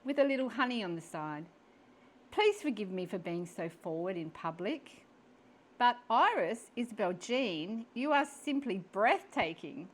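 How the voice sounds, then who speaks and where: A woman voicing a charming, smitten French gentleman with a French accent who pays flattering compliments in a storybook reading. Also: sits high, unhurried, heavily acted. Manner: flattering, forward.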